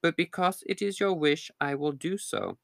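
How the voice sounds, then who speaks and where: A man's voice: fairly high pitch, normal speed, vocal fry, a bit bright, no echo, pitched above the performer's own voice. Give me a man voicing a dutiful young fisherman from a storybook, speaking formally, with a dry, close sound. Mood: pleading, polite. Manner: formal, polite storybook speech.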